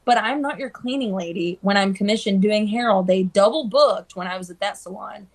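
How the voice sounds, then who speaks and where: A woman hairstylist chatting casually on a live stream, telling animated stories and acting out the people she quotes. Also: mid-range voice, fairly quick. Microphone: phone.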